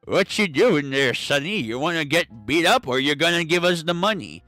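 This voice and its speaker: A man's voice: on the high side, very animated, normal speed, sharp tone, no echo, soft background music. A man voicing a menacing old male street thug who threatens to beat someone up. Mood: threatening. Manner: threatening, taunting.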